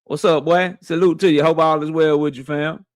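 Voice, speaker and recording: A man hosting a boxing livestream, shouting out viewers by name in loose, slangy casual talk. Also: fairly high pitch, level tone, normal speed, dry recording, studio quality.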